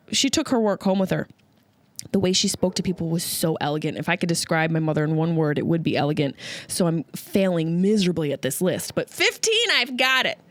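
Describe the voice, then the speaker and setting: A woman from Upstate New York hosting a solo comedy podcast, riffing with sarcastic, animated asides. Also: medium pitch, no echo. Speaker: podcast host.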